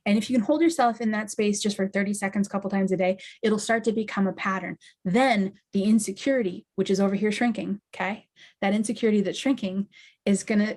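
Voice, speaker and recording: A woman hosting a podcast as an intuitive medium, giving a slow, deliberate, step-by-step teaching talk to her listeners. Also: mid-range voice, darkish tone. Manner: slow, deliberate, emphatic instruction. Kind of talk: guided teaching monologue.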